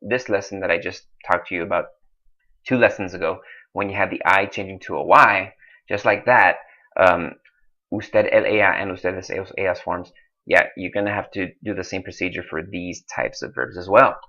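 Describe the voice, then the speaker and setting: A man teaching a Spanish lesson, slowly drilling verb forms and then explaining them in a casual, chatty way. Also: deep voice, steady tone, sharp tone. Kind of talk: recorded classroom lesson. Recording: dull lo-fi recording.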